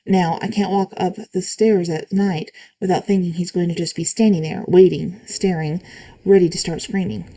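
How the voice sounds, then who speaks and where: A woman reading spooky stories aloud in a calm, even way, adding short comments of her own. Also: on the low side, moderate pace, rough recording. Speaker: reader of online stories.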